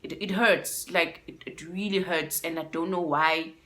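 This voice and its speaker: A young South African woman with a South African accent telling a storytime vlog, animated and switching between English and isiXhosa phrases. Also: lowish voice, unhurried. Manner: animated, mixes in isiXhosa phrases, addresses viewers as guys. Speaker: YouTuber.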